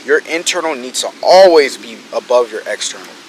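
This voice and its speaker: A man in his twenties giving a casual, energetic motivational talk about business, swearing freely and acting out his friends' words. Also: medium pitch, brisk, a little hiss or hum, low-quality recording. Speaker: business coach vlogger.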